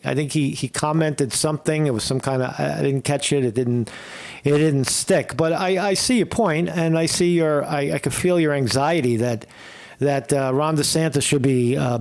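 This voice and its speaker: A man's voice: a little high, vocal fry. A man hosting a casual political commentary stream, rambling and blunt with frequent swearing. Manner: blunt, profane, rambling opinions. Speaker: host.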